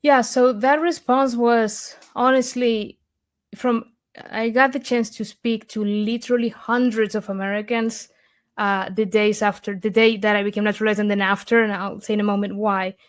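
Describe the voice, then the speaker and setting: A woman's voice: mid-range voice, steady tone, normal speed. A woman from Argentina with an Argentine Spanish accent, a guest in an interview, telling a story eagerly with many fillers and restarts.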